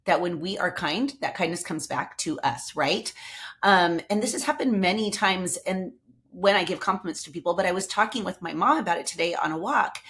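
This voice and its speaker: A woman's voice: lowish voice, brisk, fairly bright tone. A woman hosting a motivational podcast, telling stories in an enthusiastic, chatty way. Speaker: podcast host. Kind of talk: upbeat motivational podcast talk.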